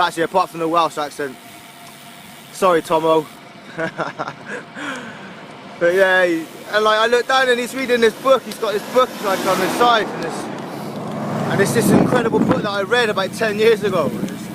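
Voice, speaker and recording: A man's voice: high-pitched, background noise. A man from England with a Gloucestershire accent, rambling in a casual video diary while riding his bike outdoors, full of fillers. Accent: Gloucestershire English. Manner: rambling, chatty, with frequent fillers and laughs. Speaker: touring cyclist vlogger. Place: outdoors on a roadside while cycling.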